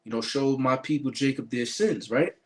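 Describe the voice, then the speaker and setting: A man's voice: medium pitch, normal speed, darkish tone. A man giving a spiritual commentary sermon to his online viewers, preaching emphatically with many fillers and restarts.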